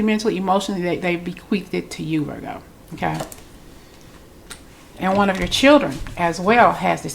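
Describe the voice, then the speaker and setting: A woman's voice: fairly low pitch, vocal fry. A woman with a congested voice, giving a chatty, loose spiritual reading straight to her viewers. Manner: chatty, loose, repeats herself. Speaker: tarot reader.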